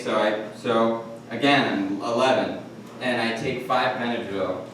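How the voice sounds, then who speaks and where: A young man with a Detroit accent telling a rambling, self-mocking story at a live storytelling night, with halting restarts. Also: medium pitch, fairly even intonation, fairly bright tone. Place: comedy club stage. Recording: echoey room from far off, noisy.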